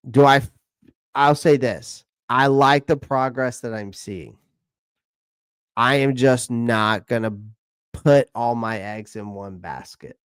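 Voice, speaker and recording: Chatty man, smooth dry voice. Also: mid-range voice, no echo. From South Carolina. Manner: chatty, repeats himself, reads viewer comments aloud. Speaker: channel host answering live chat. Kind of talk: casual live-stream chat.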